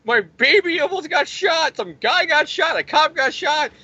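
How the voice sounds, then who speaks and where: A man's voice: very high voice, lively intonation, unhurried, sharp tone, no room sound, lo-fi sound, pitched above the performer's own voice, heavily acted. A man mimicking a frantic pleading mother. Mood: pleading, exasperated.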